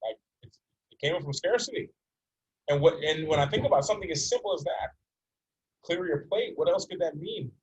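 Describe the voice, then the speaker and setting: A man's voice: a little high, fairly quick, slightly rough, highs cut off. A man in his forties from North America, teaching a coaching session in an earnest, repetitive way and using stories to make his points. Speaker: life coach.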